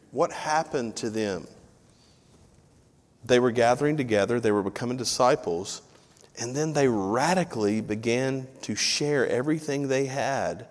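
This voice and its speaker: A man preaching a sermon as pastor, chatty and joking, repeating key phrases for emphasis. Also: mid-range voice. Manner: conversational preaching with self-deprecating asides and repeated phrases. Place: church sanctuary. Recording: live church audio with long hall reverb.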